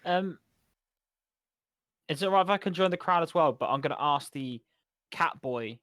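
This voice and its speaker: A man's voice: fairly high pitch, lively intonation, moderate pace, a bit bright. A man playing a tabletop game, talking casually and eagerly in character as his dwarf. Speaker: player.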